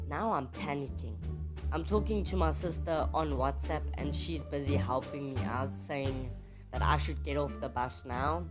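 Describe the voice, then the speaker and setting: A young man from South Africa with a South African accent, telling stories in a chatty, animated way in his room. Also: fairly high pitch. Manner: chatty, animated, teasing complaints. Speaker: vlogger. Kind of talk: casual storytelling vlog. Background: music.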